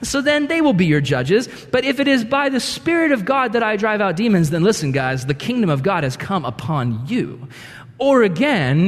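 A man preaching a sermon as a pastor on a church stage, telling scripture stories with lively acted-out quotes. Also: sits high, in a large hall. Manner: animated storytelling with acted-out quotes.

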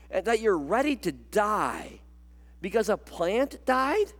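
A man's voice: high-pitched, voice pushed up. A man voicing an exasperated male deity who pleads urgently and insistently, in a reverberant hall.

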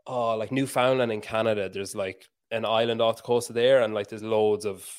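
A man's voice: lowish voice, fairly even intonation, fairly quick, clean tone. A man in his thirties chatting casually about parenting, rambling and self-mocking, swearing freely. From Ireland. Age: 30s. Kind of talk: casual chat.

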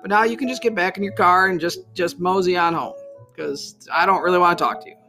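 A man voicing a gruff, unwelcoming middle-aged farmer in a spoken story. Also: high voice, fast, pushed and bright, soft background music. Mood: dismissive. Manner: gruff, curt.

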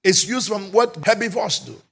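A man preaching a sermon as pastor, emphatic and often shouting, with rhetorical questions to the congregation. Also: sits high, lively intonation, moderate pace, gravelly, slightly rough.

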